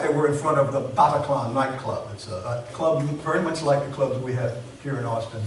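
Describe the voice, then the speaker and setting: A man pastor preaches in an earnest, measured way, leaning on pauses for emphasis. His somewhat high voice is picked up from a distance. It rings through a very echoey church hall with a faint hiss behind it. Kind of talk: sermon. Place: church sanctuary.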